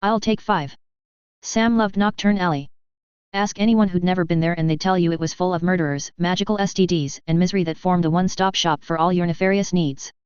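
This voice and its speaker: A woman reading fan fiction aloud as narrator, with a steady, even storytelling delivery. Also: on the low side, fast talker, smooth, no echo, highs cut off. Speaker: audiobook narrator. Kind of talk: scripted narration.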